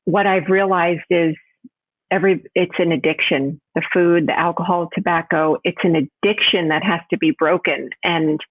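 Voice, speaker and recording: A woman from New York, a health coach guest chatting in a podcast interview, animated and laughing often, jumping high in pitch when quoting people. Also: moderate pace, dry recording. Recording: tinny phone-line sound.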